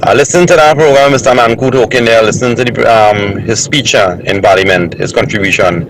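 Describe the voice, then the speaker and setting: A man's voice: fairly low pitch, brisk, background noise. A man with a Trinidadian accent sending an angry, ranting voice note to a talk show. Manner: angry ranting, repeating "boy". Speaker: caller.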